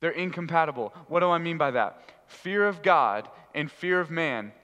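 Guy preaching to a youth group, kinda high voice, big echoey hall, telling funny stories. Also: moderate pace. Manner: storytelling, animated and humorous. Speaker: youth pastor. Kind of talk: sermon. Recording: reverberant hall.

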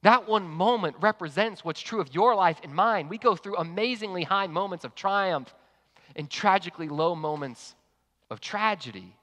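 A fairly high-voiced man preaches a sermon in a big reverberant hall. He tells his story with a bright, forceful tone and moves between loud excited bursts and quiet asides. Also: normal speed. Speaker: pastor.

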